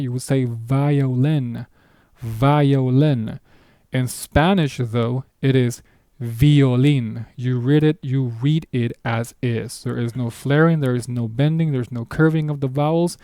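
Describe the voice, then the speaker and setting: Mellow-voiced man teaching pronunciation. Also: mid-range voice, no echo, studio quality. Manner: patient, explanatory, casual asides. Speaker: language teacher. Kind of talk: recorded online lesson.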